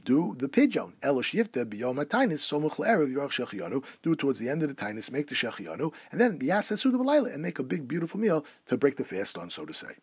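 A man's voice: mid-range voice, very animated, quick pace, few pauses, breathy edge, no room sound. A man teaching a class on Jewish law, reading rabbinic phrases aloud and then translating them. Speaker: Torah teacher.

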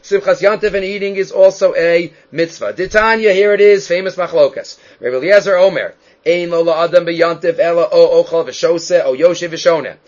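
A man's voice: sits high, normal speed, darkish tone. A man teaching a Talmud class as a rabbi, lecturing emphatically, his voice jumping up and dropping down to stress points. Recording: dull lo-fi recording.

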